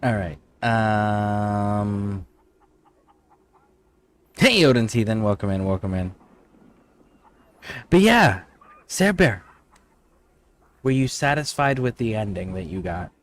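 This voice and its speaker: A man streaming a video game, chatting casually with viewers, swearing freely and thinking out loud while he plays. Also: lowish voice, lively intonation, slow, pauses often, dry recording. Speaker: livestreamer. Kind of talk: casual gaming livestream chat.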